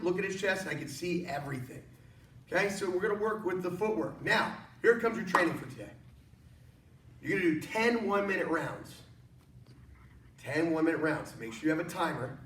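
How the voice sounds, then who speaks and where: High-voiced, joking martial arts instructor. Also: male voice. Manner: energetic, joking, encouraging coaching. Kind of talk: online workout class instruction. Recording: echoey room, mic at a distance, faint noise.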